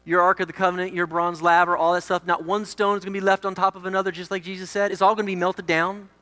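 A male pastor delivers a sermon with a bright, ringing tone, leaning hard into emphatic lines and then dropping to quiet asides. His voice echoes with a long reverb across a church sanctuary. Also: high voice, flat delivery, fast talker. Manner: emphatic, swings between loud declarations and quiet asides.

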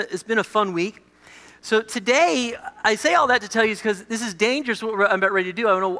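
Bright-voiced pastor in his forties. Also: high voice. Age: 40s. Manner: conversational, self-deprecating storytelling. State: recovering from a head injury. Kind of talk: sermon with a personal story. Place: church hall. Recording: echoey hall.

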